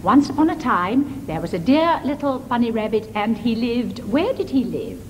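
A woman's voice: fairly high pitch, sing-song, normal speed. A woman playing a condescending, sing-song nursery teacher in a comedy sketch. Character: patronizing, sugary nursery-school teacher woman. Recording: live stage recording in a hall, noisy.

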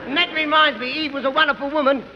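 A man's voice: extremely high pitch, fairly even intonation, fast talker, long reverb tail, muffled recording. A man doing cheeky stand-up comedy patter before a live audience. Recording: noisy live recording with a loud crowd.

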